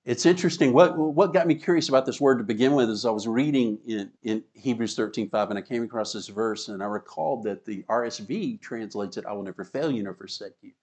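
A man's voice: mid-range voice, a little fast, hardly any pauses, a little mellow. Male preacher delivering an emphatic teaching sermon, reading verses aloud. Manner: teaching, reads scripture aloud, emphatic, chuckles. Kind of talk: sermon with slides.

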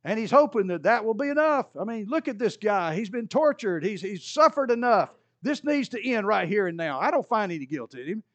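A man's voice: big pitch swings, brisk, few pauses, no echo, highs cut off. A man preaching a sermon, retelling scripture as a story and acting out the voices of the people in it. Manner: storytelling preacher, acts out quoted voices with rising pitch. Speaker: pastor.

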